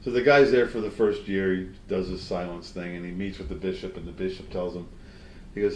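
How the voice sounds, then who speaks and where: Joke-telling comedian man, low voice. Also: fairly even intonation, a little fast, a little mellow, echoey room, slight background noise. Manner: folksy joke-teller, slips into character voices. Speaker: comedian guest. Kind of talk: telling old jokes in an interview.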